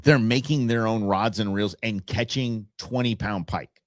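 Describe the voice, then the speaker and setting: Rambling, excitable male podcast host. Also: on the low side, unhurried, no echo, clean studio sound. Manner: rambling, enthusiastic, self-interrupting. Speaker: show host. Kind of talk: casual solo podcast talk.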